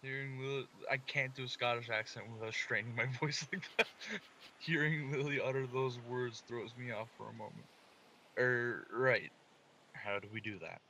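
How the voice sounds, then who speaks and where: A man reading a visual novel aloud in a flat deadpan, slipping quick, crude jokes into muttered asides. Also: mid-range voice, slight background noise. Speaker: gameplay commentator.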